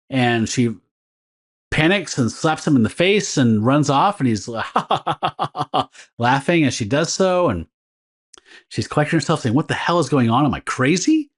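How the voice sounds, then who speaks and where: A man co-hosting a casual podcast, recapping a comic story in a rambling, laughing way with many fillers. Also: mid-range voice. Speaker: podcast co-host. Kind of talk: casual comic book discussion.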